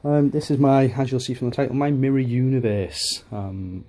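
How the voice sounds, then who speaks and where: Hesitant man with a dark voice. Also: mid-range voice, fairly even intonation, moderate pace. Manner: hesitant, many ums and restarts. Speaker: YouTuber. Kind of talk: casual vlog to camera.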